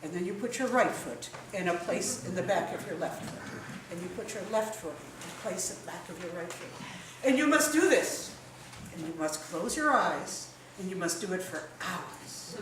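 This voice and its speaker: A woman voicing an old wise village man who speaks slowly and calmly, in a low, pondering way. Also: noisy background, lightly acted. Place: live stage in a hall. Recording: echoey hall from far off.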